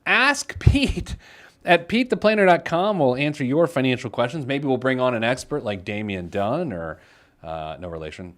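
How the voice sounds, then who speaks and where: A man in his thirties hosting a casual financial advice radio show, self-deprecating, reading listener letters aloud. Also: medium pitch.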